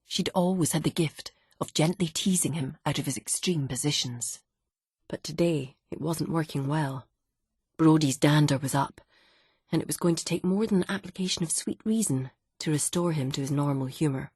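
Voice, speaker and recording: A woman reads a novel aloud in a measured, even storytelling style. Her voice is husky and fairly low, and the dry, close recording has no room sound. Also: dry recording. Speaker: audiobook narrator. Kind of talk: scripted narration.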